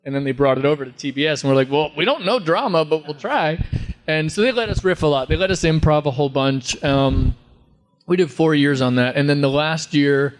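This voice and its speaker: A man's voice: a little high, a little fast, smooth. A man telling rambling, funny anecdotes in a casual Q&A at a fan convention. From Texas. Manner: rambling storyteller, slips into impressions and laughs. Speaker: convention panel guest.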